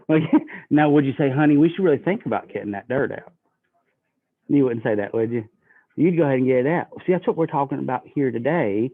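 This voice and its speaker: Man coaching sales, tinny audio. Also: mid-range voice. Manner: folksy, acts out customer dialogue. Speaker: sales trainer. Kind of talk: sales training talk with role-played pitches.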